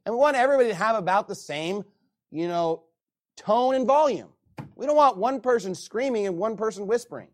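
A male pastor delivers a sermon with an animated, preaching manner. His voice sits high and swings widely in pitch. He often reads scripture aloud between his points. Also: brisk.

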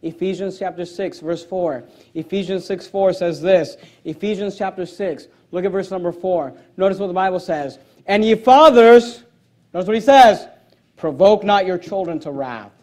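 A male pastor with a high-pitched voice delivers a forceful sermon. He reads scripture aloud with emphasis, and his voice leaps even higher when he cracks a joke. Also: moderate pace. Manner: joking asides, voice jumping high on punch lines.

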